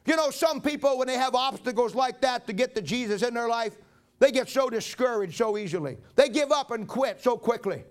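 High-voiced folksy preacher man. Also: lively intonation, a little fast. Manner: dramatic, folksy storytelling. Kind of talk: sermon.

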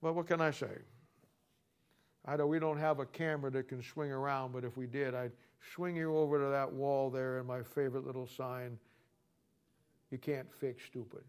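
A man's voice: mid-range voice, little pitch movement, normal speed, clean tone. A man teaching a Bible study as a sermon, combative and mocking, rambling with frequent restarts and repeated words. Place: church or studio with a wall sign.

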